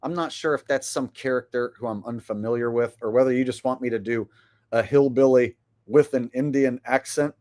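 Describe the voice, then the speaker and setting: A man's voice: mid-range voice, steady tone, normal speed, darkish tone. A man hosting a casual livestream, rambling through his commentary with frequent hesitations. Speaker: channel host.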